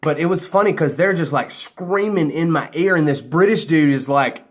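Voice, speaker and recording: A man's voice: on the high side, normal speed. An American man telling a rambling story casually to camera, loose and a few drinks in. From United States. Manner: rambling, laughing, loose and chatty. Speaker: vlogger.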